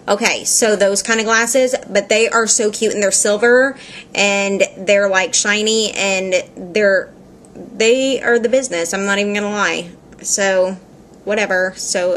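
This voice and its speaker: A woman's voice: medium pitch, a bit bright. A woman with a mid-range voice tells a story to her camera in a loose, rambling way. She laughs easily and leans on "like" and "you know" as she talks. It is an easygoing vlog delivery with a faint hiss behind her. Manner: chatty, rambling, laughs often, frequent "like" fillers. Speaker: vlogger.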